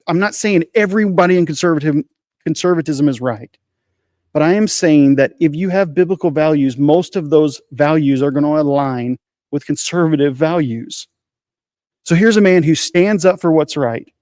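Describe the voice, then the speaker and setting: A man's voice: on the high side, moderate pace, darkish tone, no echo, studio quality. A man co-hosting a casual faith podcast, telling a personal story in an earnest, emotional way, repeating phrases and restarting often. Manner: frequent restarts and fillers. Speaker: podcast co-host.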